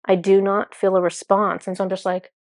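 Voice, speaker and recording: Chatty woman with a gravelly voice. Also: medium pitch, little pitch movement, a little fast, a little mellow, no echo, clean studio sound. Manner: chatty, filler-heavy, enthusiastic. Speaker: spiritual channeler. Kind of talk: casual monologue.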